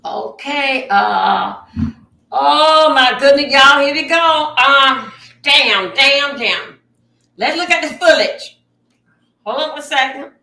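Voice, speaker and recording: High, bright-voiced woman streaming live. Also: lively intonation, takes it slowly, vocal fry. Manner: exclamatory, dramatic, talks to viewers. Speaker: livestream host. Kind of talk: live-stream reaction commentary. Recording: echoey room, distant mic.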